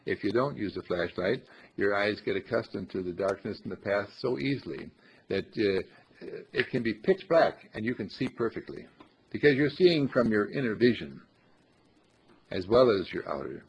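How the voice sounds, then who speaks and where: This is a man giving spiritual teaching to a small group, his gravelly, husky voice low-ish but animated. He delivers things slowly and emphatically, repeating phrases in a chant-like way, on a dull lo-fi recording.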